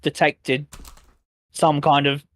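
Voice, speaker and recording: A man playing a tabletop game, his voice slightly high and recorded dry and close. He swears freely and stumbles through restarts, then launches into animated rants. The tone is casual table chat. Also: slow, dry recording. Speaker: player.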